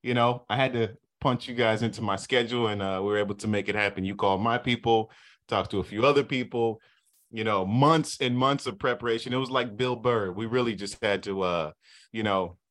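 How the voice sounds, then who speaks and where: Sports reporter guest, male, 30s, from Southern California; laid-back storyteller, slightly low voice. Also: fairly quick. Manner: relaxed, easygoing storytelling. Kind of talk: casual podcast chat.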